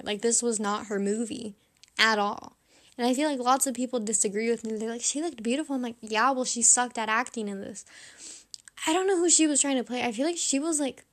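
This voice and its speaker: A young woman rating movies in a chatty, blunt, self-mocking monologue. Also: on the high side.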